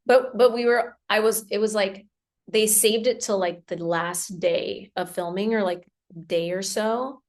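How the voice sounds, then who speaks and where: A young woman actor answering interview questions, speaking emotionally, pausing and sighing as she talks. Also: mid-range voice, fairly even intonation. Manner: emotional, halting, breathy sighs.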